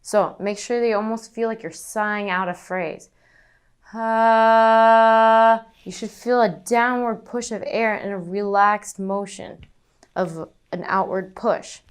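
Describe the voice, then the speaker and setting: Young female voice coach, smooth and resonant, patient step-by-step instruction with demos. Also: mid-range voice, measured pace. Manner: instructive, demonstrates breathing and panted notes. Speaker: singing teacher. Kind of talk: vocal lesson demonstration.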